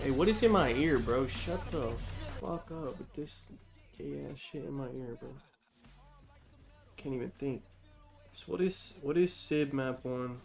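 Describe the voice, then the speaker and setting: A man streaming live, reacting to a match in a casual, excitable, profane way and laughing often. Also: medium pitch, unhurried, vocal fry, long pauses, faint music behind.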